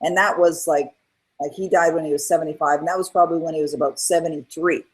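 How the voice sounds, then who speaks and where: Middle-aged woman guest, lowish husky voice, earnest storyteller who acts out quotes. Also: fast talker, rough recording. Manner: earnest, animated retelling with acted-out quotes. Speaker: guest, author and coach. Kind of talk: candid interview storytelling.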